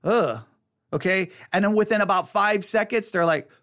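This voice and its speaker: A man, a pastor, giving casual spoken Bible teaching, rambling and animated, with restarts and acted-out voices of excited kids. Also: high-pitched, normal speed.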